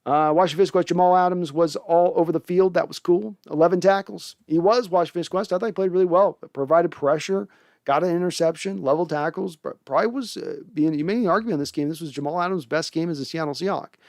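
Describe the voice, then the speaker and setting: A man's voice: a little high, fast, a little mellow, dry recording, clean studio sound. Opinionated man talking football. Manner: conversational, opinionated, frequent restarts. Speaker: sports podcast host reading viewer comments. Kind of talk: casual fan commentary.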